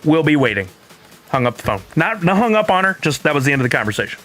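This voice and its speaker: A man's voice: a little high, sing-song, fast talker, a bit bright, faint music behind. A middle-aged man hosting a stream, telling a story in casual chat and acting out both sides of the conversation. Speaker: streamer host.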